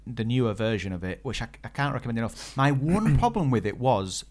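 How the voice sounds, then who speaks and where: A man's voice: medium pitch, very animated, brisk, darkish tone. A man co-hosting a podcast, chatting casually and joking, with lots of fillers and restarts. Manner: joking, rambling with many fillers. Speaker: podcast co-host. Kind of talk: casual chat.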